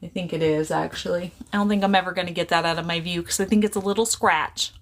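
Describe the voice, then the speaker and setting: A woman's voice: fairly low pitch, fairly even intonation, fast, slight background noise. A middle-aged woman talks into her phone on a casual live stream, greeting viewers one by one and rambling about small things. Her delivery is loose, chatty and playfully silly.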